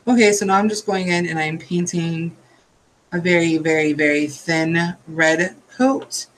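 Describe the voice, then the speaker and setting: A man's voice: fairly high pitch, steady tone, measured pace, fairly bright tone, poor audio. A tired man hosting a nail art tutorial, chatting casually and drifting into rambling asides while he works.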